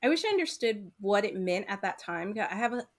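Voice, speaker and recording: A woman co-hosting a podcast, talking in a loose, rambling way. Her pitch sits in the middle, and she strings her thoughts together with plenty of "like" and "um". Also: sing-song, fairly quick, a little hiss or hum. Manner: rambling, heavy use of "like" and "um". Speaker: podcast co-host. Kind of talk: casual chat.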